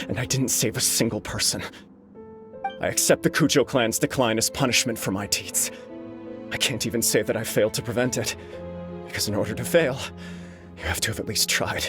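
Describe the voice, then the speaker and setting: A guilt-ridden young noble, played by a man, speaks earnestly of his failings in a game scene. His voice sits mid-range and steady, and game music plays clearly beneath it. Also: medium pitch, brisk, close to an everyday voice. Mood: remorseful. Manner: earnest, grave.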